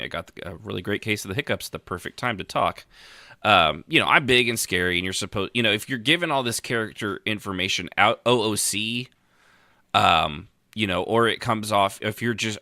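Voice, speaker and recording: A man co-hosts a podcast in loose, casual conversation, circling his point with many fillers and false starts. His voice sits low but has a bright, forward edge. The recording is dry and close, with almost no room sound. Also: no echo. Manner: rambling, many fillers and restarts. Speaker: podcast co-host. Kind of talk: casual chat about roleplay.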